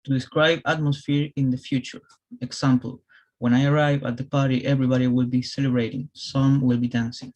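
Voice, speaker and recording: Flat-voiced student man. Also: mid-range voice, fairly quick, rough recording. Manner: flat reading aloud.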